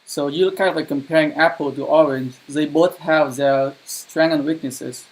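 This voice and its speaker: A man with a slightly high voice streams a strategy game live and talks through every move. He swears freely and flares up in frustrated bursts, and his English grammar slips here and there like a non-native speaker's. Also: fairly even intonation, moderate pace, rough recording. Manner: swears a lot, frustrated outbursts. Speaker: gaming streamer. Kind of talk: live gameplay commentary.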